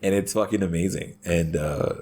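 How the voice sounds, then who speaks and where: A man's voice: sits low, moderate pace, a little mellow, a little hiss or hum. A man talking as a podcast guest in a profane, ranting way, punctuating his points with "right?". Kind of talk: casual podcast conversation.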